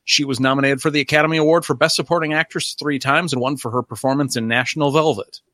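A man co-hosting a podcast, reading out trivia notes and slipping in deadpan gags. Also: mid-range voice, fast talker, no room sound. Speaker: podcast co-host. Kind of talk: reading notes in casual chat.

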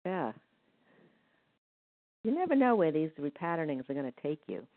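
A woman's voice: low voice, very animated, normal speed, no room sound. Woman counting waltz beats over a phone line. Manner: gentle, counts rhythms aloud. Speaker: energy healing practitioner. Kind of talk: guided healing session. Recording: dry, tinny phone-like line.

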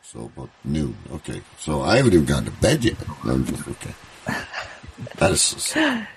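Excitable stammering radio host man. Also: extremely low pitch, fast, gravelly, husky. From Canada. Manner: rambling, stammering restarts, excitable. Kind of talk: casual live radio chat.

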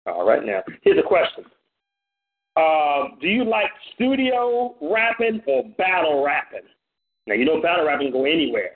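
A man hosting a call-in radio show as DJ, playful and animated, hyping up callers and listeners. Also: a little high, normal speed. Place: home studio on a phone-in internet radio show. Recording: tinny phone-line audio.

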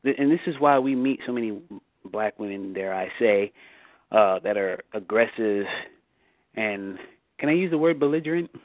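A man's voice: on the low side, lively intonation, moderate pace, no echo. Emphatic man on a tinny phone line. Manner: emphatic, repeats and restarts, rising for rhetorical questions. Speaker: bible study host. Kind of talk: casual discussion on a call.

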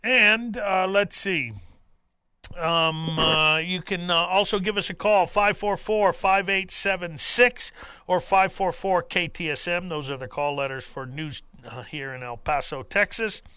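A man hosting a talk radio show, speaking haltingly with many fillers and restarts, then reading a poem aloud. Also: high voice, pushed and bright, smooth, no echo. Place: radio studio. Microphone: studio microphone.

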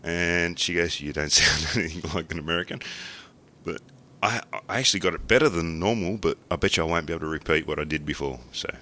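A man's voice: low-pitched, quick pace. An Australian man co-hosting a podcast, joking and laughing through casual banter. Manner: joking, lively, laughs often. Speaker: podcast co-host.

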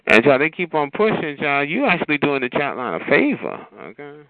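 A man telling a sassy, animated story in casual chat, calling listeners honey and child. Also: mid-range voice, fairly quick, dry recording. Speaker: chat line regular. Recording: tinny phone line.

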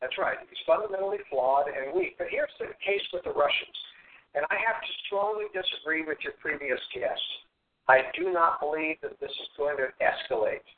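A man's voice: a little high, moderate pace, a little hiss or hum. A male guest, a former officer, speaking assertively and emphatically on a political talk show. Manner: assertive, emphatic, matter-of-fact. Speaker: guest, military veteran. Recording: tinny phone-line audio.

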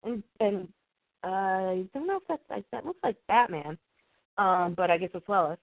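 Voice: medium pitch, lively intonation, normal speed, no echo. A comic book reviewer casually recapping an issue, rambling and reading the dialogue aloud plainly. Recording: tinny, dry phone-like sound.

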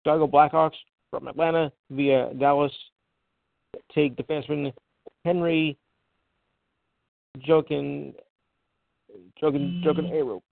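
A man's voice: fairly high pitch, fairly even intonation, slow pace, vocal fry, long pauses, no echo. A man hosting a casual sports show, reading draft picks and tripping over hard names with offhand asides. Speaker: podcast host reading sports news. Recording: tinny phone line.

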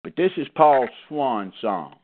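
A man with a mid-range, sing-song voice preaches slowly in a folksy, emphatic sermon teaching, repeating his key phrases and calling on a brother to read. The recording has a narrow, phone-like band.

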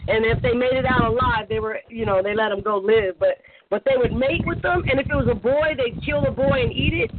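Woman, animated slangy storyteller, podcast chat, tinny phone line, faint hiss. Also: a little high, fairly quick.

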